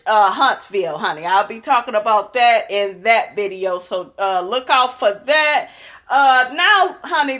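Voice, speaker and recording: A woman's voice: sits high, a bit bright. A young woman hosting a reality show recap, chatting casually in a sassy, opinionated way and calling her viewers "honey.". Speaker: recap channel host.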